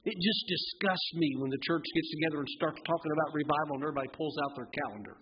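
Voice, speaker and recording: A man preaching a sermon in a church, fervent and swinging from hushed tones to shouting, often asking the congregation rhetorical questions. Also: on the high side, fast talker, husky, muffled recording. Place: church sanctuary.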